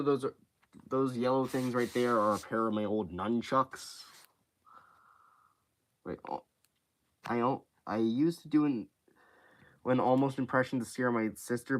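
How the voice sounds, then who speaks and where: A teenage boy chatting casually on a livestream from his bedroom, halting and rambling with many restarts. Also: mid-range voice, slight background noise. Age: teens. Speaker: livestream host.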